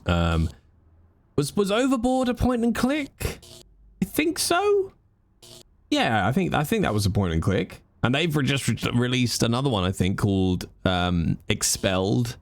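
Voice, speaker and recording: A man's voice: medium pitch, wildly swooping pitch, a little slow, no echo. A man chatting casually and jokingly while streaming a game. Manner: chatty, rambling, jokey. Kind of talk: casual live-stream commentary.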